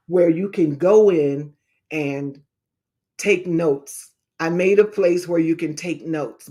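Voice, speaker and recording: Middle-aged woman evangelist, unhurried, repetitive preacher cadence, casual livestream chat. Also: deep voice, a little mellow.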